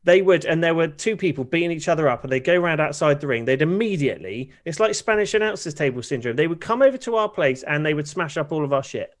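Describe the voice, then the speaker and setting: A man's voice: on the high side, animated, quick pace, hardly any pauses. A man co-hosting a podcast, chatty and laughing along with the others. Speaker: podcast co-host. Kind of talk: casual chat.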